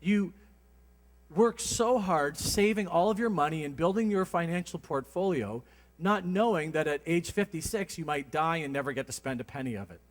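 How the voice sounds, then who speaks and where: A man preaching a sermon in a church, conversational and animated, telling stories with humor. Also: on the high side, normal speed. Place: church sanctuary. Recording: long hall reverb.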